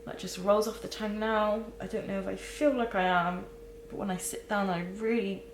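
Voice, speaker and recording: A young woman recording a candid personal vlog, talking haltingly with many restarts and close to tears. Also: mid-range voice, steady tone, echoey room, background noise. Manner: halting, searching for words, many fillers and restarts. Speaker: vlogger.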